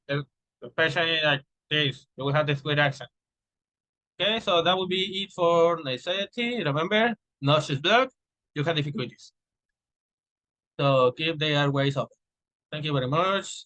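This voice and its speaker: A young man whose first language is Spanish presents a class lesson on pronunciation. His voice sits a little high and sounds bright and forward. He stretches his example words out slowly and restarts his sentences now and then. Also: rough recording. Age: young adult. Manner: explains with slow drawn-out example words, restarts and fillers. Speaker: student presenter. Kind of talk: recorded class presentation on phonetics.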